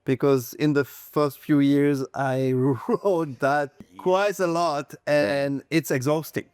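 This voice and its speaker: French-accented man, smooth voice. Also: fairly high pitch, fairly even intonation, slow pace, a little mellow, no room sound. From France. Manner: chatty, hesitant with many uh fillers, self-joking. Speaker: luxury real estate agent, guest. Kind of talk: casual interview chat.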